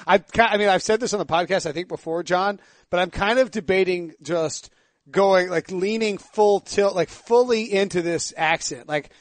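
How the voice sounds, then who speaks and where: A man with an Eastern North Carolina accent hosting a casual sports podcast, rambling and self-deprecating with quick asides. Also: high voice, no room sound. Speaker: podcast host.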